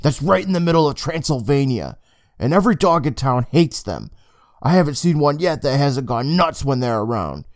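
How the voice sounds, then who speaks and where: A man voicing an excited, determined girl who insists on her theory. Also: on the high side, measured pace, no echo, clean studio sound, voice pushed up. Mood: insistent. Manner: urgent, insistent.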